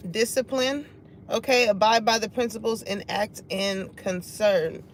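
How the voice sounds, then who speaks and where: A woman's voice: medium pitch, a little slow, slight background noise. Laughing casual woman reading tarot. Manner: laughs often, sings song snippets, swears casually. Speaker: tarot reader.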